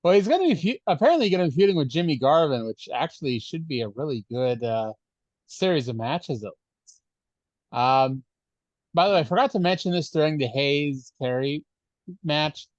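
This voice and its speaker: A man's voice: on the high side, expressive, normal speed, no room sound, muffled recording. A man co-hosting a wrestling podcast in casual chat, joking sarcastically and swearing freely. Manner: sarcastic, profane. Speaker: podcast co-host.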